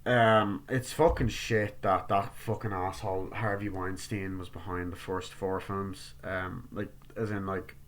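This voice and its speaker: A man's voice: low voice, level tone, a little slow, few pauses, a bit bright. A young man giving a casual, rambling movie review, swearing freely and acting out scenes as he retells them. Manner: rambling, profane, acts out scenes in quoted voices.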